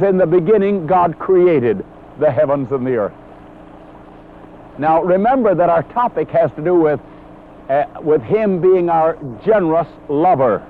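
A man delivers a sermon in an earnest, emphatic way, his voice pitched high and swinging widely in tone. The old recording sounds thin and phone-like, with a faint hiss underneath. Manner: earnest, emphatic, quotes scripture. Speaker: preacher.

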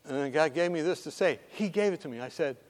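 A man preaches through a story, acting out each voice and sinking into whispers at the quiet moments. His voice sits high for a man. The sound carries a long reverb from a large hall. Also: fast talker. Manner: animated, acts out voices, drops to whispers. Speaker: speaker telling a story from his hospital work. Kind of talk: sermon storytelling.

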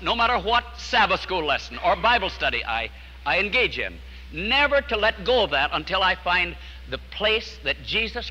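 Male preacher, slightly high, very bright voice, earnest storytelling sermon. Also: in a large hall, rough recording. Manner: earnest, storytelling preacher who drops to a hush at key lines.

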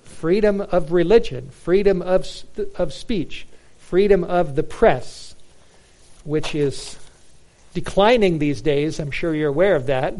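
A man's voice: on the high side, slow pace, a little mellow. A man preaching a sermon in an earnest, emphatic way, with frequent restarts and fillers. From United States. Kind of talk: sermon on Bible prophecy.

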